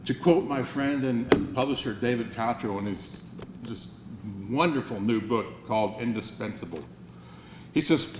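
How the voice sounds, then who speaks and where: A banquet speaker in his sixties, with a mid-range voice and moderate pace, delivers an earnest yet wry motivational address in a spacious hall. Words often get repeated or restarted, and a faint hum runs under the audio.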